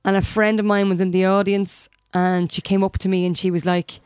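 Irish female co-host, mid-pitched, anecdotal, dry studio sound. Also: flat delivery, fairly quick, a little mellow, smooth, no echo. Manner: chatty anecdotal storytelling, acts out other people's lines. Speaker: podcast co-host and DJ. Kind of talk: casual chat.

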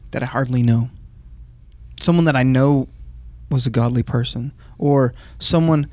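A man's voice: medium pitch, no echo. Hesitant man asking questions. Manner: hesitant, questioning, many restarts. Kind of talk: casual discussion.

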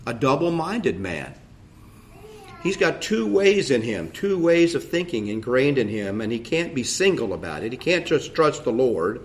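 A man's voice: medium pitch, sing-song, normal speed, slight background noise. A middle-aged man, preaching a conversational sermon in a folksy way with asides and jokes. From United States. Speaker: pastor.

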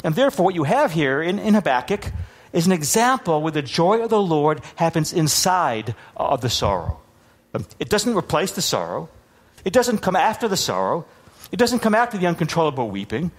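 A man preaching a sermon as pastor, teaching with many restarts and repeated words. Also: on the high side. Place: congregation hall with overhead projector.

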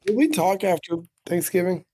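A man's voice: high voice, lively intonation, moderate pace, mellow, slightly rough. A man co-hosting a podcast, chatting casually with a blunt, teasing, sarcastic manner. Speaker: podcast co-host. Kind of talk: casual chat.

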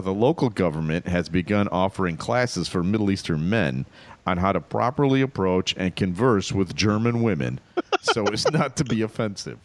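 A man co-hosting a casual comedy podcast, telling stories in a wry, animated way. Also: low voice. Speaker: podcast co-host.

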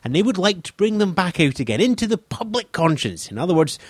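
A man's voice: high-pitched, sing-song, fast, no room sound. A man hosting a podcast, moving between a dramatic, playful scripted intro and casual chat. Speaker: podcast host.

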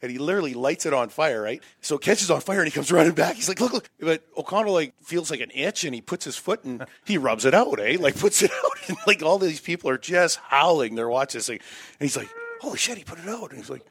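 A man's voice: on the high side, fast talker, breathy edge, no room sound, clean studio sound. A man casually telling a long funny story, laughing often and acting out the lines of the people in it. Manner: animated, laughs often, acts out quotes. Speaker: guest storyteller.

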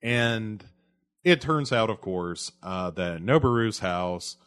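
A man's voice: lowish voice, lively intonation, slow, a bit bright, smooth. A man hosting a podcast, recapping a movie plot in a casual, rambling way, full of fillers and awkward laughs at grim moments. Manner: rambling, heavy on fillers like uh and you know. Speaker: podcast host.

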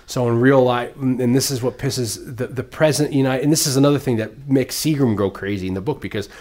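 Talking about a film in a relaxed conversation, this man has a mid-range voice and goes on in long rambling runs. As he livens up, he curses freely and does brief impressions of the characters.

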